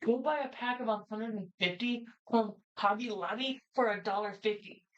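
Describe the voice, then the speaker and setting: A woman's voice: fairly high pitch, normal speed, a bit bright. A young woman co-hosting a podcast, chatting casually and bluntly, swearing freely. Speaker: podcast co-host. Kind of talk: casual chat. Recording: muffled lo-fi audio.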